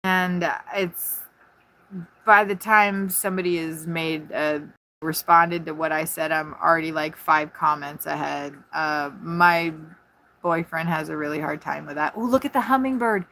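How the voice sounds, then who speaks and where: A woman live-streaming from inside her RV on a phone propped on a tripod, chatting quickly and jumping from one thing to the next. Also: sits low. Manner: fast, scattered, excitable chatter. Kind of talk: casual live-stream chat. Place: inside an RV at a campground.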